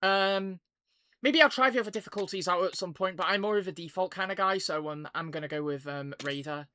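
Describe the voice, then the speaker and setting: A man's voice: sits high, a little fast, pushed and bright, a little hiss or hum. A man giving casual let's-play commentary, chatty and hesitant, with lots of "um" and "like" fillers. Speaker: gameplay commentator. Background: game music.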